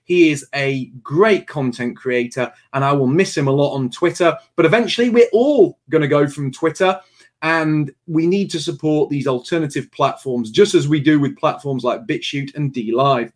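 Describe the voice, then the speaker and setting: A man's voice: on the high side, moderate pace. A man hosting a livestream show, making earnest announcements and chuckling now and then.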